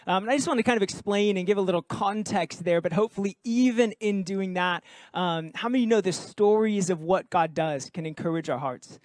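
High-voiced pastor joking with his congregation. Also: a little fast, no echo. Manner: conversational, jokey, asks the congregation questions. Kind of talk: sermon. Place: church service with congregation.

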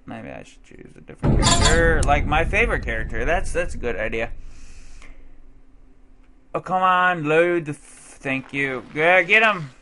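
A man's voice: fairly high pitch, normal speed, a little hiss or hum. A young man casually commentating his gameplay, yelping and swearing at the game and chatting to his cat between runs. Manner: excitable, yelps and swears at the game; talks to his cat between moments of play. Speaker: let's play gamer.

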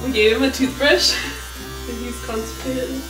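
A woman's voice: sits high, steady tone, normal speed, music in the background. A young woman chatting to camera at home for her family vlog, bubbly and talkative, laughing often and mixing in Spanish words. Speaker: family vlogger and mother. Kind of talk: casual vlog chat to camera.

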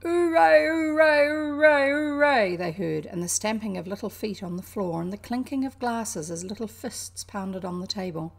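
A woman from New Zealand with a New Zealand accent, reading a classic children's novel aloud in an unhurried, expressive way. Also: mid-range voice, gravelly, husky. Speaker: reader.

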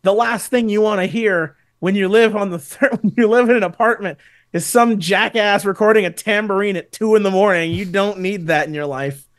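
High-voiced laid-back man on a podcast. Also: moderate pace. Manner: relaxed, laughs easily, loose storytelling. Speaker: guest musician. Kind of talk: casual podcast chat.

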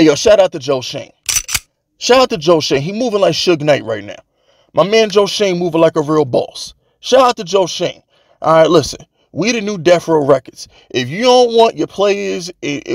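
A man's voice: on the high side, no room sound. A man hosting his own sports channel, ranting in a brash, profane, joking way and repeating lines for emphasis. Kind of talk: sports rant commentary.

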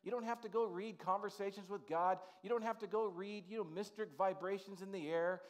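High-voiced man preaching conversationally. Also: a little fast. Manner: informal, frequent "you know" asides. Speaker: pastor. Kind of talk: conversational sermon. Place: church sanctuary.

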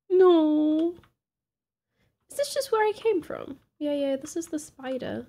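A woman's voice: high-pitched, expressive, takes it slowly, dark tone. Giggly young woman doing game commentary. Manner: chatty, giggly, reactive. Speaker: let's-play host.

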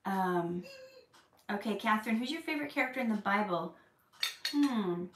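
A woman's voice: medium pitch, normal speed, recorded from a distance, background noise. A woman hosting a live Q&A stream, chatting casually with viewers and turning earnest and preachy. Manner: earnest, preachy, animated when excited. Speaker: livestream host answering viewer questions. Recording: roomy echo, a bit off-mic.

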